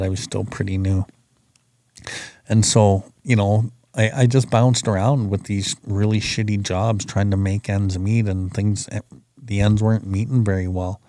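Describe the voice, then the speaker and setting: Low, flat-voiced man telling his story. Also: no echo. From Canada. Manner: rambling, profane, plain-spoken. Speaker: podcast host sharing his recovery story. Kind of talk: casual storytelling.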